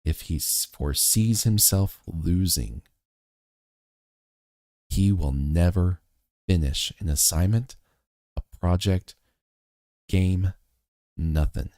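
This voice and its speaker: Slow, deep-voiced earnest man. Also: warm tone, no echo, studio quality. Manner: earnest, measured, storytelling. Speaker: motivational vlogger. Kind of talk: reflective talk to camera.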